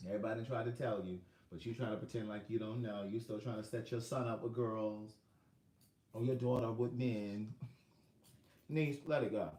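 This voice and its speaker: A middle-aged male author telling a personal story in a lively, laughing way, acting out quotes. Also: fairly low pitch, normal speed, noisy background. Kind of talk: storytelling monologue. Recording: roomy echo.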